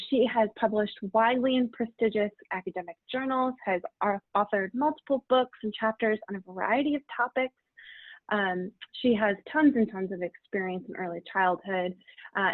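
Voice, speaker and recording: A woman's voice: mid-range voice, no room sound. A woman hosting a casual webinar interview, chatty and friendly, with lots of fillers. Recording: tinny dry phone-like audio.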